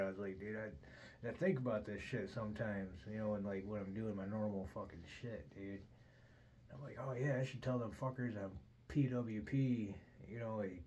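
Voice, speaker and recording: A man's voice: lowish voice, a little mellow, slight background noise, poor audio. A middle-aged man hosting a podcast, rambling through a casual story with constant swearing and "dude". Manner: profane, says "dude" constantly. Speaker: podcast host.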